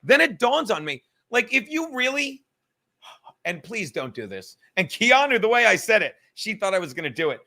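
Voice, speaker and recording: A young man hosting a livestream, talking in a profane, rambling, animated way. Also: sits high, moderate pace. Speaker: livestream host. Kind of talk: casual livestream rant.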